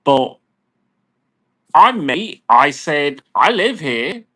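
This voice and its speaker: A man's voice: on the high side, sing-song, very slow, pushed and bright. A man in an agitated, profane, rambling personal rant, talking to camera. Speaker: vlogger. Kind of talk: ranting personal monologue.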